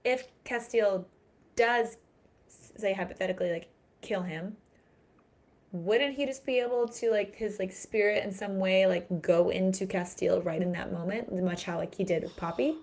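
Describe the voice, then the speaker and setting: Gravelly-voiced woman joking in a book chat. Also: medium pitch, moderate pace, darkish tone. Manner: blunt, joking, emphatic. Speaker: book discussion co-host. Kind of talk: casual live book chat.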